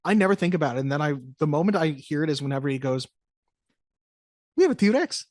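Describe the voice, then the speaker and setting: A podcast co-host chatting casually about a film, animated and jokey, often slipping into quick mock voices. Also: medium pitch, dry recording, clean studio sound. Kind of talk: casual movie-review chat.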